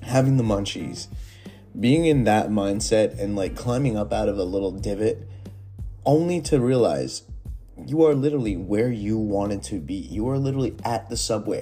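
A young man tells rambling stories off the cuff, with lots of fillers and cursing. His voice sits low and sounds dark and mellow. Soft music plays faintly behind him. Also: expressive, normal speed. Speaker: storyteller reading Reddit posts. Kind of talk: casual storytelling.

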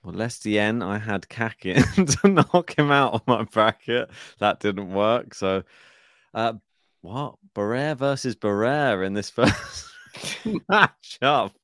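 A man's voice: on the low side, expressive, slow, a bit bright, no room sound, clean studio sound. A man co-hosting a tennis podcast, chatting casually through his bracket picks, laughing often and thinking aloud. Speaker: podcast co-host. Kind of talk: casual tennis draw chat.

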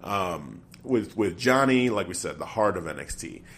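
A man's voice: low-pitched, lively intonation, moderate pace, vocal fry, a bit bright. A man co-hosting a casual podcast chat, thinking aloud and often breaking off to restart his sentences.

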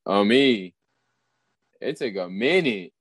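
Young man, laid-back slangy co-host, lively pitch, dry close recording. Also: slow pace, slightly rough, dry recording. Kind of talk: casual reaction chat.

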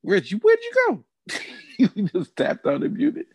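A man's voice: high-pitched, huge pitch swings, a little mellow, husky, no room sound. Playful man on a podcast. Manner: playful, quick to laugh. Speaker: podcast co-host. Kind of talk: casual chat.

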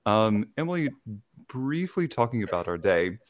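A man's voice: on the low side, big pitch swings, normal speed. A young adult man hosting a podcast, reading announcements and chatting. He stumbles over words and laughs at himself. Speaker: podcast host. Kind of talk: podcast intro and casual chat.

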